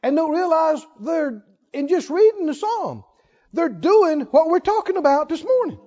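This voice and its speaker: A man's voice: very high-pitched, sing-song, moderate pace, warm tone, big-room sound, muffled recording. A man preaching a sermon, drawing out phrases, singing lines and leading the congregation in call-and-response. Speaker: pastor.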